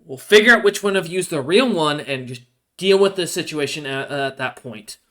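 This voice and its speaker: A man's voice: fairly high pitch, expressive, normal speed, sharp tone, voice pushed up. A man voicing a tired, stern woman who escorts prisoners, sighing and giving clipped orders. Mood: weary, stern. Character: weary stern woman paladin's agent.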